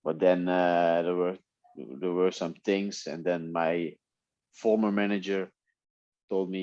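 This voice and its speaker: Deep-voiced man, Dutch as first language. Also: slow pace, no echo, highs cut off. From Netherlands. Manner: relaxed storytelling with frequent laughs and restarts. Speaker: guest, MMA fighter. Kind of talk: casual interview talk.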